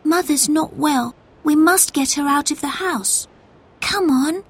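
A woman's voice: high voice, expressive, unhurried, voice pushed up. A woman voicing an anxious, caring girl in a storybook reading. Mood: earnest.

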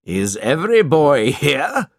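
A man's voice: fairly low pitch, very animated, slow, fairly bright tone, husky, dry recording, clean studio sound, full character voice. A man voicing a cruel, bullying middle-aged schoolmaster who barks threats in a storybook reading. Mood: angry threatening. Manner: barking, menacing.

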